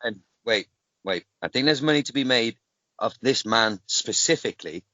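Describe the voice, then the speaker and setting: A man hosting a casual podcast, reading odd news stories aloud with a joking edge. His voice swings widely in pitch and often cracks into laughter mid-sentence. The sound is dry and dull, like a lo-fi home recording. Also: animated, normal speed, bright, forceful tone, no echo. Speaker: podcast host.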